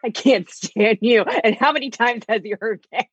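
A woman's voice: a little high, moderate pace, husky, dry recording. A young woman co-hosting a podcast, breaking in with teasing jokes. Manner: teasing, joking interjections. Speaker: podcast co-host. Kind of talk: casual chat.

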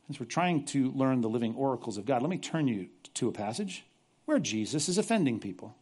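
A male pastor preaching a sermon, animated and sarcastic, mocking apologetic voices as he makes his point. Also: mid-range voice, a little fast, breathy edge.

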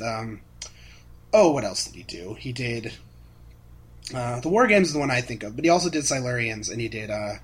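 A man co-hosting a casual fan podcast, animated, laughing often as he retells scenes. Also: medium pitch, a little hiss or hum. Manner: animated, laughs often, acts out characters' lines. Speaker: podcast co-host.

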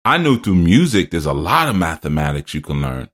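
Give me a very low-voiced man teaching through rambling personal stories. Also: big pitch swings, a little fast, fairly bright tone. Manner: loose storytelling, laughs at himself. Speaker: podcast host and spiritual teacher.

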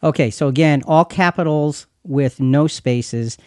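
A man co-hosting a bible talk show, chatting casually and reading verses aloud slowly. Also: a little high, darkish tone, smooth, no room sound, studio quality. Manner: reads verses slowly and deliberately. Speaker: podcast co-host.

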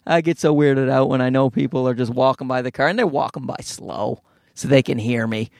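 A young man hosting a casual solo podcast from inside his parked car, ranting in a profane, rambling way and jumping up to high pitches. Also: a little fast, gravelly, darkish tone, dry recording, studio quality. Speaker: podcast host.

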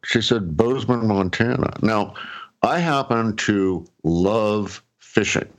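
A man's voice: on the low side, takes it slowly. A middle-aged man casually telling a personal story, rambling with fillers and restarts and chuckling often. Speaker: guest telling his story.

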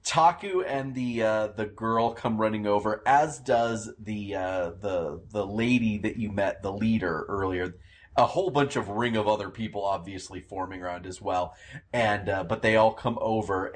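A man narrating as game master of a tabletop game, halting with frequent fillers. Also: on the low side.

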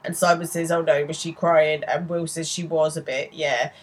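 A woman's voice: deep voice, fairly even intonation, moderate pace. A woman co-hosting a podcast, chatting casually as she recaps a TV episode and quotes its lines. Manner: retells scenes with quoted lines, laughs often. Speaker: podcast co-host.

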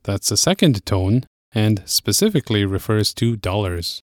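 Male lesson host, low-ish voice, dry studio read, patient and clear. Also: no echo. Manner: clear, steady explaining, slows on key phrases. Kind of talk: language lesson presenting.

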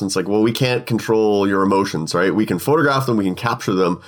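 A man's voice: fairly low pitch, quick pace, few pauses. A man, a photographer, agreeing and explaining his approach in long, looping sentences in a casual talk. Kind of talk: casual podcast conversation.

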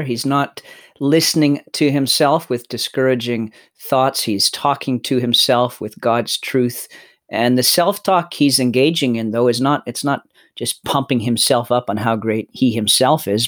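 A man's voice: medium pitch, fairly even intonation, a little slow, no echo, clean studio sound. A man discussing scripture in a plain, chatty way with light asides. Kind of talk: conversational Bible discussion.

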